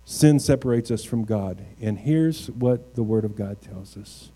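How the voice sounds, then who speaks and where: A man's voice: lowish voice, warm tone, faint music behind. A male pastor preaching a sermon, reading scripture and building to emphatic, raised points. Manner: reads scripture slowly, then builds to emphatic, raised crescendos.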